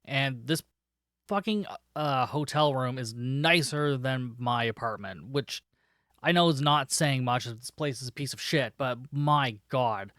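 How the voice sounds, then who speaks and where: A man talks through a film's plot for his podcast in a loose, chatty way, dropping sarcastic and profane asides. His voice is smooth and clear, and it sounds dry and close to the mic. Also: medium pitch, a little slow, fairly bright tone, dry recording. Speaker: podcast host reviewing a film. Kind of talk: casual spoken film recap.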